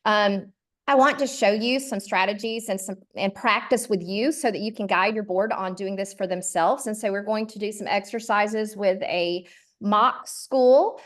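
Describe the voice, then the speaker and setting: A woman's voice: mid-range voice, moderate pace. A middle-aged woman from Georgia with a Southern accent, leading a virtual workshop in a friendly way, with lots of ums and uhs. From Georgia, USA. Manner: friendly, many ums and uhs, says y'all. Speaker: charter school consultant leading a workshop.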